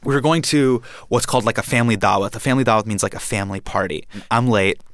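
A young man from India telling a personal story in a lively, animated way, acting out the quotes. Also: on the low side, quick pace, no room sound, clean studio sound.

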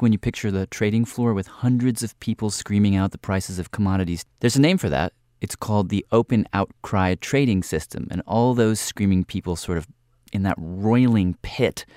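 A man's voice: lowish voice, darkish tone, dry recording, studio quality. A man hosting a radio show, casually introducing a documentary piece in a chatty, loose way with fillers and hedges.

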